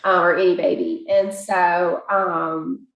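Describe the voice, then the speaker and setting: A woman's voice: fairly low pitch, takes it slowly, gravelly. Chatty woman telling her story. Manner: chatty, animated, many fillers, laughs often. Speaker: podcast guest. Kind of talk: casual interview storytelling. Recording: echoey room.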